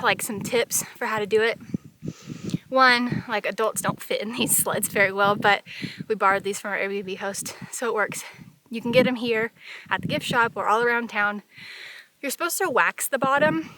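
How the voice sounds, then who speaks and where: A woman's voice: on the high side, moderate pace, background noise. A woman hosting a travel vlog outdoors among sand dunes, chatty and upbeat as she explains things to viewers. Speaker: travel vlogger host. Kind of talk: casual travel vlog narration.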